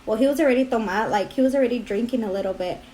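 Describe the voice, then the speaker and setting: A woman's voice: fairly high pitch, rapid-fire, noisy background. A young woman vlogging her story in a rambling, filler-heavy way, tearful and crying as she talks. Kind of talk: casual confessional vlog.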